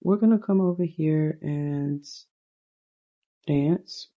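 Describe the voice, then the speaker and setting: A woman's voice: sits low, slow pace, warm tone. A woman casually narrating a life-sim game story, chatting to viewers with fillers along the way. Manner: chatty, addresses viewers as "you guys".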